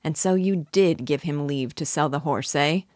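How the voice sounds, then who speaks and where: A woman's voice: sits low, normal speed, darkish tone, no echo, studio quality, close to an everyday voice. A woman reading aloud and voicing a blunt, gossiping male horse dealer in a chatty, insinuating way.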